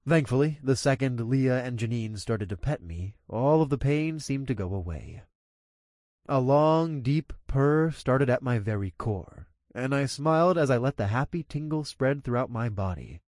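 A man narrating an audiobook with expressive energy, his pitch swinging widely up and down through the action. His voice sits at a middle pitch for a man. The recording is dry and close with no room sound. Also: normal speed, no room sound.

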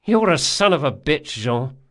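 Male reader as wounded young rogue: higher, louder, sarcastic and petulant. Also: animated, normal speed. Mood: sarcastic, irritable.

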